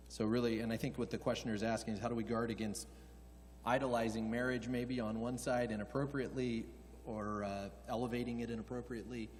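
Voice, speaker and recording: A man moderating a conference Q&A, halting and rephrasing as he reads out questions. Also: mid-range voice, darkish tone. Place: church hall. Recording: church hall reverb, faint hum.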